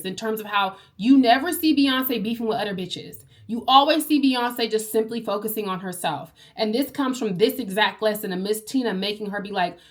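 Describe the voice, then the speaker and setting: A woman casually summarizing a book for her book club audience, chatty, with fillers and frequent swearing. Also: medium pitch. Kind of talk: casual book review chat.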